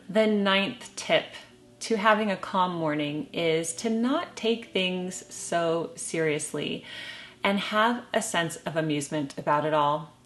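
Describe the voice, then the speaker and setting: A middle-aged woman giving lifestyle advice to camera in a calm, measured way with gentle humor. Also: on the low side. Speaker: lifestyle vlogger. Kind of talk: casual advice talk to camera.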